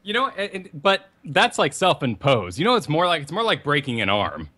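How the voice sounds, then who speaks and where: A young man co-hosting a casual gaming podcast, telling rambling, animated stories. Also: fairly high pitch, moderate pace. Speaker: podcast co-host.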